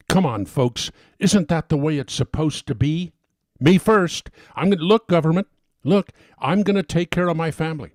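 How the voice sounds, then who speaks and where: A man's voice: medium pitch, a little mellow, no echo, studio quality. A man giving a persuasive talk as an advocate, emphatic and getting worked up as he speaks.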